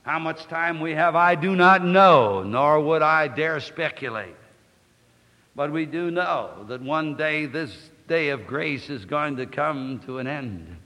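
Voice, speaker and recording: A man's voice: fairly high pitch, lively intonation, pushed and bright. Man preaching a sermon in a reverberant hall. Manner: declamatory, slows and rises on scripture quotes.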